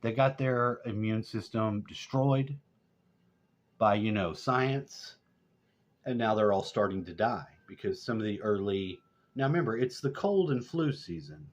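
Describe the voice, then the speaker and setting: A middle-aged man telling loose, rambling stories and swearing constantly, getting loud and high when worked up. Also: expressive, a little slow. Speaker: vlogger. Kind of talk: rambling profane storytelling. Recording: dull lo-fi sound.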